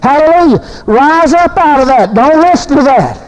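High-voiced fervent preacher man. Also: animated, normal speed, a little mellow, dull audio. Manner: fervent, folksy, repeats phrases. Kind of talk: sermon.

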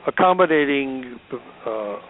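A man's voice: mid-range voice, expressive, a little slow. A man in a talk show discussion who reads passages and explains them with sardonic asides. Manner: sardonic, chuckles while reading. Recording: phone-like line with faint background noise.

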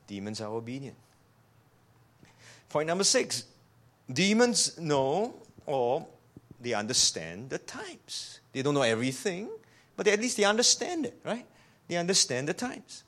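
Male preacher with a high voice, animated sermon delivery, rhetorical questions, quick restarts. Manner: repeats words when restarting.

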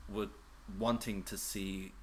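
A man's voice: lowish voice, little pitch movement, slow, darkish tone. A man co-hosting a podcast, trading teasing, jokey quips. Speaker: podcast co-host. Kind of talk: casual chat.

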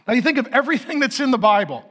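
A man's voice: very high-pitched, very animated, racing, a bit bright. A middle-aged man preaching a sermon, emphatic and repetitive, full of rhetorical questions. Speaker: pastor.

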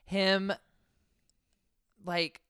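A man's voice: sits high, flat delivery, drawn-out words, bright, forceful tone, clean tone, no room sound, studio quality. A man co-hosting a podcast, chatting casually about a reality show and quoting people in mock voices. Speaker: podcast co-host.

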